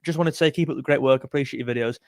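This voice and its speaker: A man's voice: medium pitch, racing, no echo, clean studio sound. A man hosting a football live stream, chatting and reading out viewer comments in a rambling, self-correcting way. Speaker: football livestream host.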